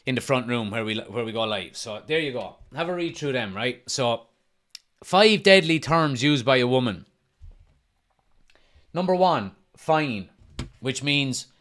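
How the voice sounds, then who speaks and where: A man's voice: medium pitch, fairly bright tone. Chatty man hosting a stream. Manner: chatty, reads out viewer comments, laughs often. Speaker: football watch-along host. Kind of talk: casual live-stream chat. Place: front room at home.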